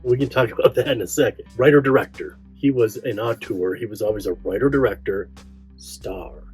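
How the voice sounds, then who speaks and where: A man's voice: lowish voice, brisk, darkish tone. Casual film host, man, chatty and rambling, faint music underneath.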